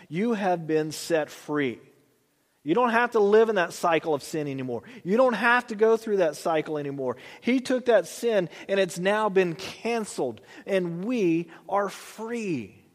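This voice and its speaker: High-voiced man preaching in a reverberant hall. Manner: reads scripture slowly, then preaches with rising emphasis. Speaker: pastor. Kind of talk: sermon.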